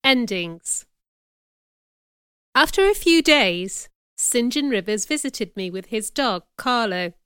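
A woman narrates a storybook audiobook in the first person, in a clear and measured way. Her voice is fairly high, bright and crisp. The recording is dry and close. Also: sing-song, dry recording.

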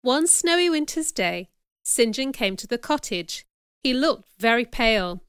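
Bright, clear woman narrating an audiobook. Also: on the high side, very animated, a little slow, no echo, studio quality. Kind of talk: scripted first-person narration.

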